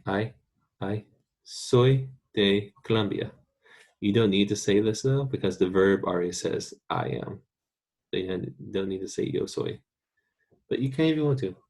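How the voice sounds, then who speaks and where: A US man with a slightly mellow voice on the low side gives a recorded online Spanish lesson. He patiently repeats each word slowly for students to practice.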